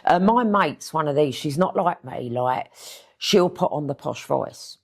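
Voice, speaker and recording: Gravelly East London woman, blunt storyteller. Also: low-pitched, expressive, a little slow, a little mellow. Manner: blunt, chatty, swears freely. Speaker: guest author. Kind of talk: casual interview storytelling.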